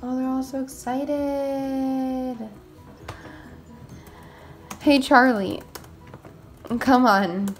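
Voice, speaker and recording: A woman hosting a game roleplay video, talking casually and excitably as a mom, with frequent exclamations. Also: high-pitched, extremely slow, pauses often, soft background music.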